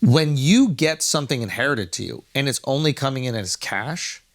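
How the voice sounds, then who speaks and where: A man's voice: medium pitch, lively intonation, normal speed. A man co-hosting a podcast, reacting emphatically and swearing in casual chat. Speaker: podcast co-host.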